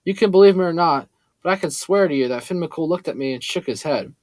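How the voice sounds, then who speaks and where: A man reading a first-person story aloud in a steady, earnest way. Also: a little high, fast talker, dry recording. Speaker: audiobook narrator. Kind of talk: first-person scripted narration.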